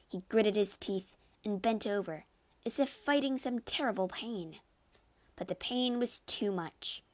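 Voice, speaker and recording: Woman reading an old classic story aloud, measured and expressive. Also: medium pitch. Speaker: narrator. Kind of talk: scripted storybook narration.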